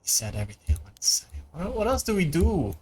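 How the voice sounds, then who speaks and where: A man's voice: fairly high pitch, big pitch swings, fast, mellow, slightly rough. Man reading game lines aloud. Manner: reads lines plainly, breaks off into joking asides. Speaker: streamer.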